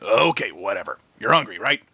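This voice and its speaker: A man voicing a gruff, irritable middle-aged biker in a storybook reading, grumbling and exasperated. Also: on the low side, big pitch swings, a little fast, sharp tone, no room sound, voice pushed down, exaggerated voice. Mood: irritated.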